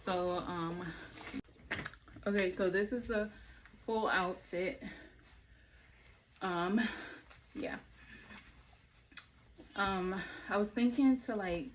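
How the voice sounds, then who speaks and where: A woman filming a casual get-ready-with-me vlog, a bit out of breath and talking in a relaxed, chatty way with lots of ums. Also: mid-range voice, drawn-out words, long pauses. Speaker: beauty vlogger. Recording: noisy home recording. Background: household noise, a toddler nearby.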